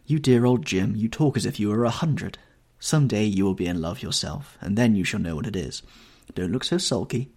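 A man's voice: fairly low pitch, lively intonation, moderate pace, a little mellow, husky. A man reading an audiobook, voicing a lovestruck young actress in a raised, breathless, rapturous tone. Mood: coaxing.

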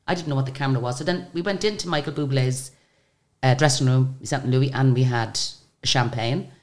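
An older woman with a bass voice talks briskly as a guest singer on the radio. Her storytelling is chatty and animated, and she acts out the lines people said in her anecdotes.

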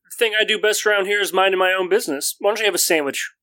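A man's voice: high-pitched, very fast, pushed and bright, pitched above the performer's own voice. A man doing a curt, guarded vendor. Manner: terse, dry. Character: curt, guarded male sandwich-cart vendor.

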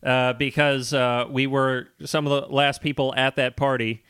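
A man co-hosting a comedy podcast, telling stories and trading dry, deadpan jokes. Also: mid-range voice, moderate pace, clear, resonant tone, no room sound. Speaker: podcast co-host. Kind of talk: casual comedic chat.

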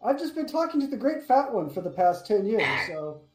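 A sheltered, earnest young man, played by a woman in a tabletop game, tripping over his words as he goes. The voice is soft and mellow. It carries an echoey room sound with a little music underneath. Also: on the high side, big pitch swings. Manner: halting, stammering, overly earnest.

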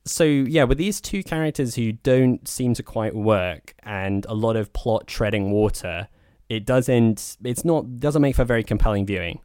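A male podcast co-host gives a frank, opinionated film review in loose, chatty asides. His medium-pitched voice is smooth and a little mellow at a measured pace, recorded studio-clean with no room sound.

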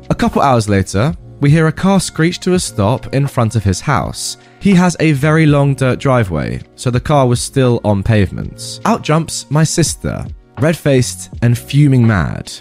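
Man, story narrator, animated pitch, chatty wry asides. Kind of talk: reading online stories with commentary.

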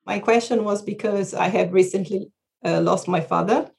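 Halting woman asking a question. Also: mid-range voice, creaky, a little mellow. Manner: halting, searching for words. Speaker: audience member asking a question.

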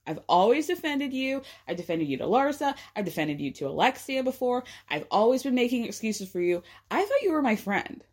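A woman's voice: on the high side, sing-song, brisk, few pauses, husky. A woman voicing a blunt, unforgiving woman who speaks in a cutting way. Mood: cold.

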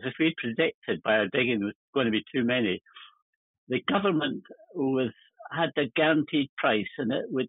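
Husky older man on a tinny line. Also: medium pitch, no room sound. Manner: rambling, chuckling anecdotes. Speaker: guest. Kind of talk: casual storytelling. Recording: tinny phone-line sound.

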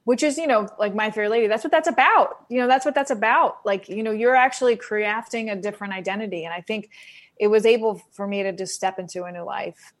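A woman's voice: medium pitch, a little fast. A woman from Queens, an actress, chatting casually as an interview guest, talking loosely with many likes and restarts. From Queens, New York.

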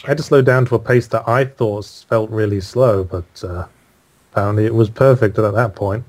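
Dry-humored British man, low voice. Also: steady tone, darkish tone. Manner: dry, self-deprecating, quick bursts of speech. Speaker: author and guest. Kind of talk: casual interview chat.

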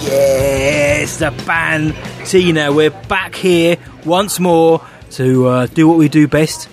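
A man's voice: a little high, slow pace, music in the background. A man co-hosting a podcast, talking with lots of enthusiasm in casual chat. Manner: enthusiastic, chatty. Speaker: podcast co-host.

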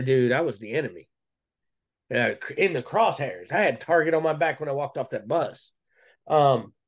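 A man, a guest on a podcast interview, telling a personal story in a casual, earnest and slangy way with frequent restarts. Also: mid-range voice.

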